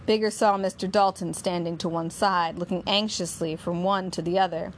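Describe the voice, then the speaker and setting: A woman narrating a novel in steady, measured storytelling. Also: lowish voice, a little hiss or hum.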